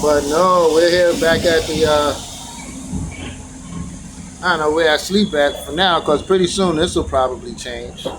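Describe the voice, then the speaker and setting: A man's voice: a little high, measured pace, pauses often, noisy background. A man vlogging outdoors, telling a meandering reflective story as part of a daily teaching, with frequent restarts and bursts of animation when he retells being challenged.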